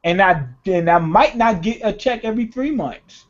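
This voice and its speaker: A young man, the host, telling a story in casual chat with a profane, animated delivery and acted-out quotes. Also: high voice, normal speed. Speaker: podcast host. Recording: dull lo-fi recording.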